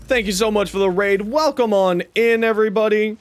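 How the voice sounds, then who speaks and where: Lively high-voiced male game streamer. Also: unhurried, pauses often. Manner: playful, joking, chatty with chat. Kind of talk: casual live-stream chat with viewers.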